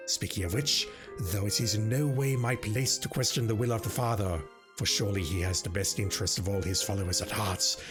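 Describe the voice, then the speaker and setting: A man's voice: lowish voice, a little fast, lightly acted. A man voicing a scheming evil male wizard, reading a letter with theatrical pomp over game music.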